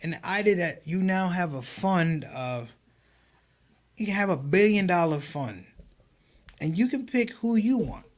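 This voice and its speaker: A man who is a comedian, a guest on a live online show, telling stories in an animated way and quoting others in a raised voice. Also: high voice, measured pace. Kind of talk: livestream conversation.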